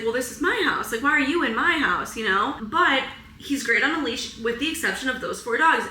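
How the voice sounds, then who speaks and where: A woman's voice: on the high side, bright, forceful tone, roomy sound, a little hiss or hum, low-quality recording. A young woman vlogging at home in a rambling, emotional way, saying "like" constantly and close to tears. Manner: rambling, heavy use of "like", emotional and tearful. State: teary, close to crying. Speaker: wellness vlogger. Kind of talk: casual confessional vlog. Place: apartment at home.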